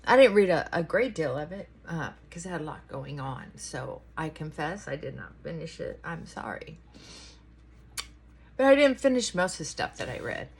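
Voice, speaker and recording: A woman's voice: low voice, sing-song, normal speed, gravelly, breathy edge. A middle-aged woman chatting casually to her viewers in her bedroom, rambling with asides to her dog. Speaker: vlogger. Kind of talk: casual morning chat.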